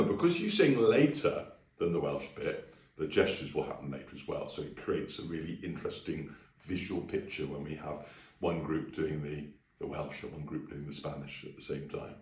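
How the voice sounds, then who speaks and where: A man leading a friendly singing and language lesson, breaking into high sung phrases to demonstrate. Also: moderate pace, reverberant, distant mic. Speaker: music teacher.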